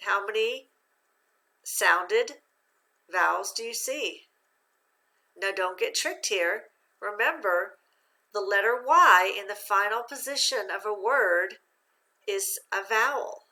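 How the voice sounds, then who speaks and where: A woman leads a phonics lesson at an unhurried, deliberate pace. Her voice is bright and clear, and she walks the listener through each step. She pauses for answers and gives encouraging praise. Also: medium pitch. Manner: slow, patient, encouraging, asks questions and praises. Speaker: reading teacher.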